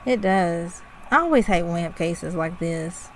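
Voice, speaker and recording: A woman's voice: fairly low pitch, animated, normal speed, a little hiss or hum, rough recording. Wry joking woman co-hosting a podcast. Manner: wry, joking, self-deprecating. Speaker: podcast co-host. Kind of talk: casual chat.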